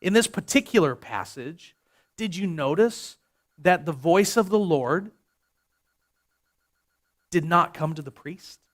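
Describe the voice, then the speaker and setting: A man's voice: a little high, expressive, slow pace, long pauses. A male pastor delivering a sermon in a conversational, jokey way, often restarting his sentences.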